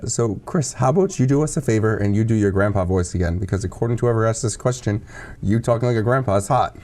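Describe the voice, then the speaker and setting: A young man co-hosting a casual podcast chat, playful and quick to explain things at length. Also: lowish voice, dark tone. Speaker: co-host.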